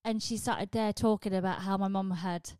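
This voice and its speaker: A woman's voice: medium pitch, normal speed, clear, resonant tone, no room sound. Chatty British woman with dry asides. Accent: British English. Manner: chatty, jokey, with wry deadpan asides. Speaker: podcast host. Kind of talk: casual comedic monologue.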